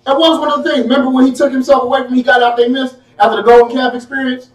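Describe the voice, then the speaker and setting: A man preaching a sermon in a folksy, animated way, firing off rhetorical questions at his congregation. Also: very high-pitched, very fast. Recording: echoey room, mic at a distance.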